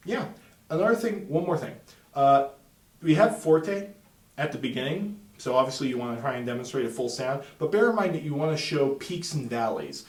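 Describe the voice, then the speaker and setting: A man's voice: medium pitch, recorded from a distance. Man teaching tuba in an echoey room. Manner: explains patiently, sings and chants rhythms to demonstrate. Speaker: music teacher. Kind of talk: instructional talk.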